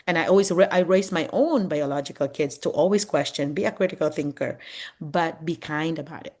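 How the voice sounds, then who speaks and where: A woman's voice: sits low, a little fast. A middle-aged woman, a veteran teacher mentoring new teachers over a video call, chatty and laughing often. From Philippines. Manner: chatty and warm, laughs often, acts out what students say. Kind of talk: Zoom mentoring talk.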